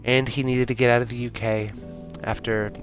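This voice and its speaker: A man's voice: medium pitch, little pitch movement, normal speed, faint music behind, lightly acted. A man voicing a blunt, sweary, sardonic pregnant young woman in a taxi, read from a story game. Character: feisty pregnant young English woman passenger.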